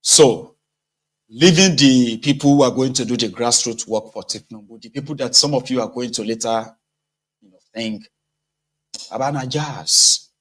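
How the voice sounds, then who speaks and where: A man's voice: mid-range voice, moderate pace, low-quality recording. A man with a Nigerian accent giving casual political commentary, talking conversationally and asking rhetorical questions.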